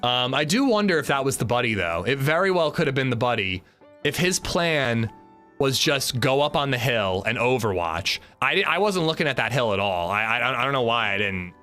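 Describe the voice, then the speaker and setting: A man casually commenting on his survival shooter game during a livestream, chatting with viewers and reacting out loud. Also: medium pitch, animated, normal speed, soft background music. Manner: chatty, reacts loudly, talks to chat. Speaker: streamer playing a survival shooter.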